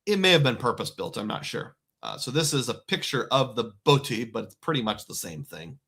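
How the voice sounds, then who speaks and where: A man's voice: medium pitch, animated, brisk, a bit bright, husky. Chatty man hosting a live stream. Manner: chatty, reads viewer comments aloud, loose fillers. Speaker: livestream host. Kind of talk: casual live-stream chat.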